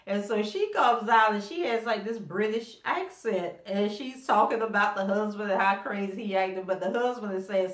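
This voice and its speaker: A woman's voice: medium pitch, moderate pace, hardly any pauses, echoey room. A middle-aged woman hosting a casual TV episode recap. She is chatty, laughs often, and acts out quotes from the characters. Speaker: TV recap host.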